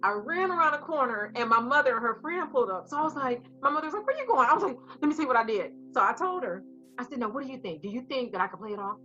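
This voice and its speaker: A woman co-hosting a casual chat, telling a story in an animated way and acting out the voices of the people in it. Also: on the high side, rapid-fire, faint music behind. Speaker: co-host. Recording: slightly muffled recording.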